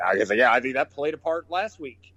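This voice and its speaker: A man's voice: mid-range voice, fairly quick, no room sound. A man co-hosting a casual podcast, swearing freely and laughing as he retells funny moments. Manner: excitable, swears a lot, laughs while retelling. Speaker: podcast co-host. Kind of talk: casual profane chat.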